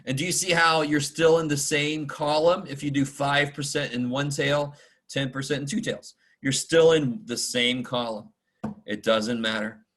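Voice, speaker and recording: This math instructor's casual statistics class runs over a video call mic. With a steady, medium-pitched, slightly bright voice, he takes his time, staying informal and self-deprecating while muttering side comments and mild curses.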